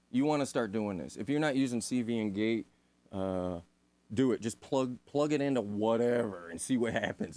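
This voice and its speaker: Lively, laid-back man reading a manual. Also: mid-range voice, no echo. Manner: laid-back, swears casually, self-deprecating. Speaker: synth hobbyist host. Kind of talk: reading a manual aloud with casual commentary.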